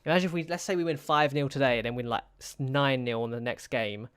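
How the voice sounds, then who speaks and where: Talking quickly in a smooth, clear, slightly bright voice of ordinary pitch, this young YouTuber plays a football management game and casually comments as he frets, pleads with his players and sighs between matches. It is recorded dry and close, without echo.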